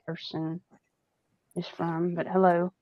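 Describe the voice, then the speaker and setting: A woman's voice: lowish voice, little pitch movement, takes it slowly, warm tone, no room sound, poor audio. A woman from Nashville with a Southern US accent, chatting casually on a live stream and laughing often. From Nashville, Tennessee. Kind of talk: casual chat.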